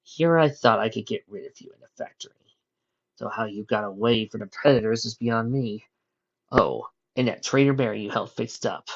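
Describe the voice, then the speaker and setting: A gloating, sneering mad scientist pony, as a male reader puts him on, his husky voice dropping quiet and menacing. The sound is muffled and lo-fi, like a home recording. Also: lowish voice, moderate pace.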